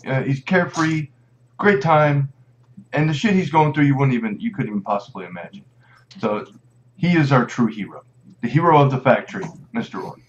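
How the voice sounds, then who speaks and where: A man tells rambling stories on a podcast panel, his voice at a middle pitch. The sound is dull and lo-fi, with faint noise underneath. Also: expressive, brisk. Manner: rambling anecdotes and toasts. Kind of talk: casual panel chat.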